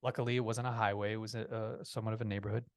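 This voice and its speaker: A man telling a personal story as a podcast guest, in a lively way, with frequent restarts. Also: lowish voice, rapid-fire, no room sound, clean studio sound. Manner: lively, acts out quoted voices, restarts often.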